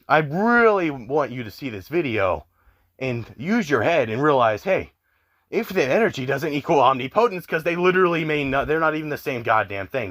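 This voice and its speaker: Medium in pitch with a fairly bright tone, this young man delivers an exasperated online commentary rant. He's a YouTuber who curses a lot and leans heavily on "like" as filler.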